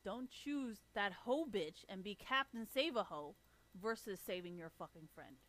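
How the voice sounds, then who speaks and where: A woman's voice: medium pitch, expressive, measured pace, fairly bright tone. A woman livestreamer delivering a blunt, sarcastic, heavily profane rant. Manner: blunt, sarcastic, swears constantly. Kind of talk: profane ranting monologue.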